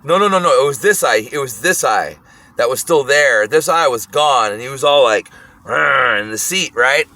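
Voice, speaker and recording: A man casually telling a wild story, animated and profane, often breaking into laughter. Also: medium pitch, normal speed.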